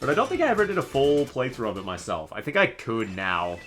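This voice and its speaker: A man in his twenties casually commenting on a live game stream, animated and joking with viewers. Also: medium pitch, fast talker, faint music behind. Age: 20s. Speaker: let's play streamer.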